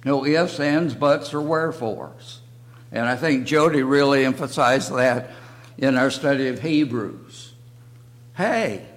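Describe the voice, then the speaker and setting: Slow-talking older man teaching Bible. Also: medium pitch. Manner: slow, halting delivery in short phrases. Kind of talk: church Bible lesson. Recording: long reverb of a hall.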